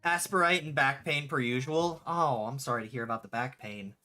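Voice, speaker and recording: A streamer in their late twenties with a bright, forceful voice, talking casually to chat. They tell stories in an animated way and swear freely between answering questions. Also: medium pitch, fairly quick, soft background music. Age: late 20s. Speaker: streamer and game developer.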